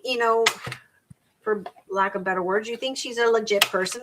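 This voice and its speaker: A woman's voice: medium pitch, noisy background. A middle-aged woman hosting a crafting live stream, chatting casually and rambling as she repeats and restarts words. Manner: reads crafting measurements aloud. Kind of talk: casual chat while crafting.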